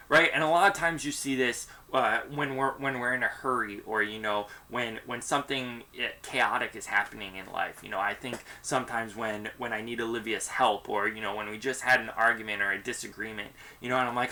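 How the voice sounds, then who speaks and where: Leading a church discussion group, a male pastor gives an earnest, conversational teaching talk in a mid-range voice that sounds pushed and bright. He moves at a moderate pace with hardly any pauses, acts out sample apologies, and says "you know" often.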